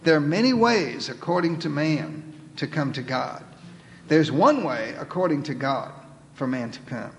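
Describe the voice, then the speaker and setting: Male pastor with a high voice, preaching emphatically in a reverberant church hall. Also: expressive, measured pace, slight background noise. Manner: emphatic preaching, quoting scripture, dropping to soft pleading. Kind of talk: sermon. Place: church sanctuary.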